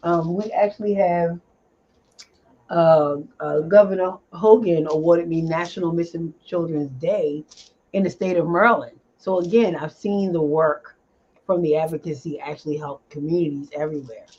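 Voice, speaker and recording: Lively woman guest on a lo-fi call. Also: lowish voice, slightly rough. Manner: animated, laughs often, pauses with fillers. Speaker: interview guest, advocate. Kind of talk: casual interview chat. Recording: dull lo-fi audio.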